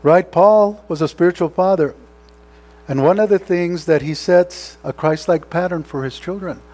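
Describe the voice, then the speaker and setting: A man's voice: high voice, moderate pace, darkish tone. A man preaching a sermon as pastor, earnest and conversational, often checking in with rhetorical questions. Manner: earnest, exhorting.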